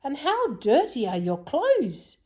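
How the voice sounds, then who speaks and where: A woman's voice: high voice, huge pitch swings, slow, dark tone, voice pushed up, heavily acted. A woman voicing the scolding, worried parents in a children's story. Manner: scolding, raised and emphatic. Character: worried hard-up mother and cross father.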